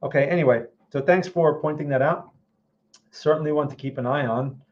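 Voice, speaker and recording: His voice leans high and moves a little fast, heard through dull audio. As host of a laid-back market livestream, he responds to viewer questions while watching charts, with frequent check-ins like "okay" and "all right."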